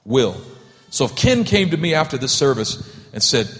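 Male pastor, lively swooping delivery, jokey sermon style, reverberant church hall. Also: medium pitch, moderate pace. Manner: animated, acts out voices for humor.

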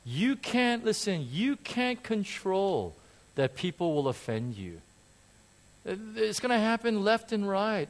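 A man preaching a sermon in a church to a congregation, animated and self-deprecating, joking and repeating phrases for emphasis. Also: high voice. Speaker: pastor.

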